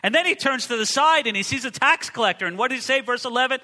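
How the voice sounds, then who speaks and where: A male pastor preaches with animation, swinging between booming declarations and hushed asides. His voice sits high and rings bright and forceful. A long hall reverb trails each phrase in the church. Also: fast talker, hardly any pauses. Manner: animated preaching, shifts from booming to hushed, acts out quoted figures. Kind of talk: sermon.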